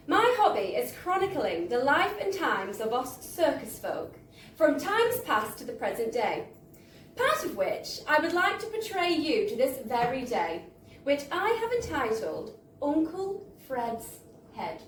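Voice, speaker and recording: Woman, high animated voice, theatrical live storytelling, roomy bar, distant mic. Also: measured pace. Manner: playful, theatrical narration. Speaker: reader at a book launch. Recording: roomy room, distant mic, faint crowd hum.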